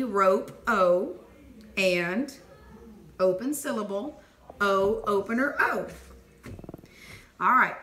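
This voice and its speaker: Slow, bright-voiced woman teaching phonics. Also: mid-range voice, expressive. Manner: clear, encouraging, sounds out letters slowly. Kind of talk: phonics dictation lesson. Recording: echoey room with faint noise.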